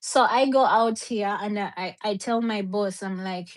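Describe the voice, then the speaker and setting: A woman's voice: medium pitch, measured pace, hardly any pauses. A woman guest telling her story casually, hesitant, with German words mixed in. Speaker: interview guest.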